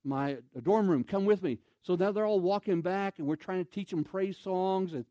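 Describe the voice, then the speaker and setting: A man preaching through a story with animated delivery, breaking into loud exclamations and acting out the voices of people he quotes. His voice sits a little high for a man. The sound is dry and close, with no room around it. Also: normal speed, no echo. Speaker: evangelist. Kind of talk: sermon storytelling.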